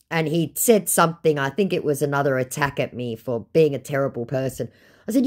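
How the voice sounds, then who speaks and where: A woman's voice: deep voice, lively intonation, quick pace, darkish tone. A woman casually retelling a chat with blunt, sarcastic, swear-filled remarks. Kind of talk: casual storytelling.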